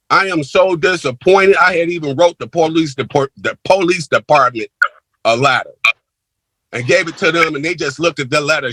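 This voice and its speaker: A man's voice: on the high side, bright, forceful tone, dry recording, poor audio. A crime victim, a man, giving a heated, emphatic victim impact statement to a court over a video call.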